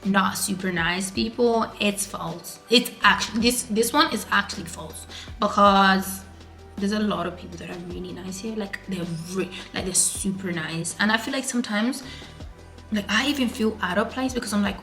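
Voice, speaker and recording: A woman's voice: medium pitch, moderate pace, bright, forceful tone, soft background music. A young woman, chatting casually in a vlog and rambling with lots of filler words. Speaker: vlogger.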